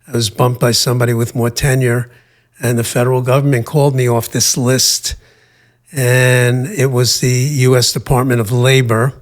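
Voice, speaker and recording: An older man from the United States, a guest in an interview, telling his life story in a measured way with frequent pauses and fillers. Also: mid-range voice, level tone.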